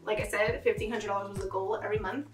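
A woman's voice: medium pitch, steady tone, quick pace, roomy sound, recorded from a distance, over music. A woman vlogging casually about her monthly budget, talking in a bubbly way with plenty of "like" fillers.

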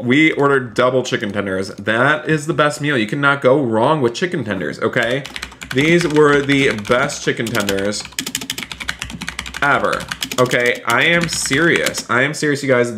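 A man's voice: medium pitch, noisy background. A man live-streaming a role-play game, chatting upbeat to his viewers and thanking donors. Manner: upbeat, chatty, addresses chat often.

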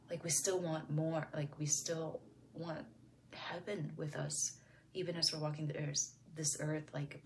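A woman with a deep, low voice talks through a Bible passage in a personal reflection. She speaks softly and thoughtfully, full of little fillers, and now and then lets her voice fall to a whisper. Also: vocal fry, a little hiss or hum. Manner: soft-spoken, musing, with frequent fillers; sometimes drops to a whisper. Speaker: devotional video host.

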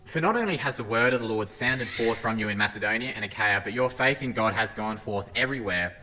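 Bright-voiced man preaching in a hall. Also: on the low side, brisk. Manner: earnest, with frequent restarts and scripture readings. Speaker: lay preacher. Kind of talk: sermon talk. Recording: hall reverb, faint ambience.

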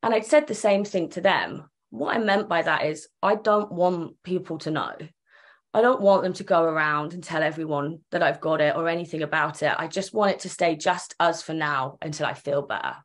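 A woman's voice: low voice, normal speed. A young woman tells her own story earnestly and emotionally, acting out the remembered dialogue. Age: young adult. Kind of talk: personal storytelling.

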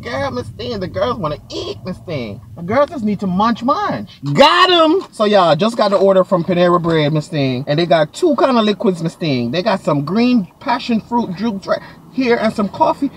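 A man's voice: high voice, big pitch swings, normal speed. A man vlogging from his car as a delivery driver, talking in a sassy, flamboyant, dramatic way. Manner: sassy, flamboyant, dramatic, keeps saying "girl" and "Miss Thing". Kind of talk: casual vlog chat. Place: inside a car while driving. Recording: car noise behind the voice.

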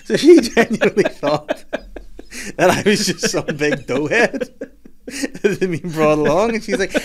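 A man's voice: fairly high pitch, moderate pace. Swearing Scottish man telling a story. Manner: animated, laughing, sweary, acts out voices. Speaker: podcast host. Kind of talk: casual chat, storytelling.

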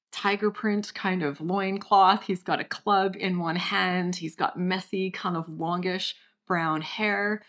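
A young woman hosting a channel, calmly and gently guiding listeners through a step-by-step brain training exercise. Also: fairly low pitch. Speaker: channel host, recovery coach. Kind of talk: guided exercise instruction.

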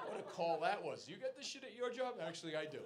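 A man's voice: sits high, expressive, quick pace. A man doing stand-up crowd work in a comedy club, brash and profane as he teases the audience. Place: comedy club stage, indoors. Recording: noisy live club with roaring crowd laughter.

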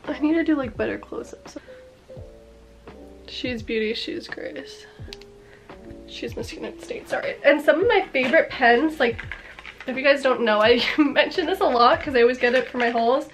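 A young woman with a cold talking excitedly in a casual haul vlog, gushing over her purchases. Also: sits high, brisk, faint music behind. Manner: bubbly and gushing, lots of "like" and "are you kidding me". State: congested with a cold. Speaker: vlogger.

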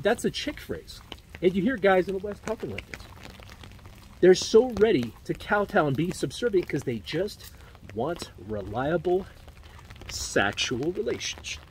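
A man on a walking vlog delivers a rambling, preachy commentary full of asides, his pitch climbing and dipping all the time. His voice sits slightly high for a man. Faint traffic hums behind him outside. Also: darkish tone. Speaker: vlogger and men's dating commentator. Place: outdoors on a street in the rain.

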